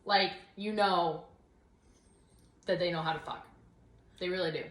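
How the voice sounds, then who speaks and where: A woman's voice: lowish voice, steady tone, unhurried. A young woman co-hosting a casual podcast, ranting in a worked-up, sarcastic way with lots of "like". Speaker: podcast co-host. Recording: roomy echo.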